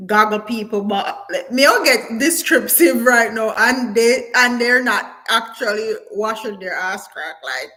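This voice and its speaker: A woman talks straight to her live-stream viewers, blunt and animated. She slips into patois phrasing, laughs often, and reads out comments as they come in. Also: a little high, a little slow, few pauses, rough recording. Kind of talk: casual live-stream chat.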